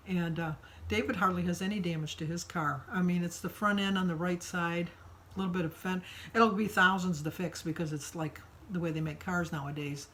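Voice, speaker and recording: A woman's voice: on the low side, a little hiss or hum, low-quality recording. An older woman from Michigan chatting casually in her daily vlog, telling a long story with lots of fillers. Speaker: vlogger.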